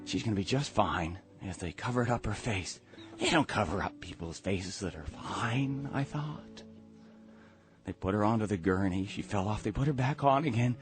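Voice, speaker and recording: A man telling a comic family story in a theatrical way, swinging from loud to hushed. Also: on the low side, expressive, moderate pace, soft background music.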